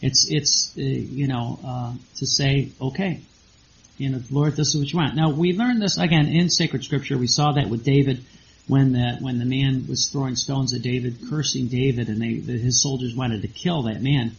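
A man's voice: medium pitch, fairly even intonation, normal speed, gravelly, a little hiss or hum. A man, probably a priest, giving a rambling sermon full of rhetorical questions and repeated words. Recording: dull lo-fi recording.

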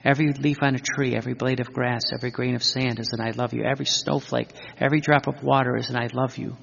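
A man's voice: medium pitch, steady tone, quick pace, gravelly, fairly bright tone, husky, long reverb tail, dull audio. A man teaching in an earnest sermon style, repeating phrases and quoting scripture. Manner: earnest, repetitive, quotes scripture. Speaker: religious teacher.

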